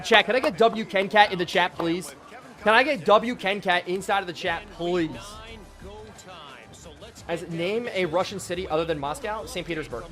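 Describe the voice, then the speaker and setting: A hoarse man in his twenties from Pennsylvania, giving hyped live game-stream commentary and chatting with viewers. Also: high-pitched, a bit bright. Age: 20s.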